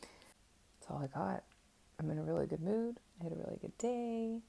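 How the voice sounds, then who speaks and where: Gravelly low-voiced woman vlogger. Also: lively intonation, normal speed, warm tone. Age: 30s. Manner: candid, self-mocking, lots of fillers like "like" and "um". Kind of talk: casual storytelling to camera.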